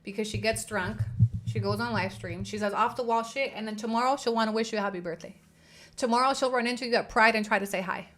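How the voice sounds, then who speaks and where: A woman's voice: fairly high pitch, fast talker, a bit bright, slight background noise. A woman hosting a livestream commentary, indignant and heated, swearing and repeating her points for emphasis. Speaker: host.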